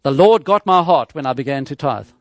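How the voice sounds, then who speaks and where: A man preaching a sermon in a measured teaching tone, with rhetorical questions and frequent restarts. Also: on the high side, expressive, dry recording.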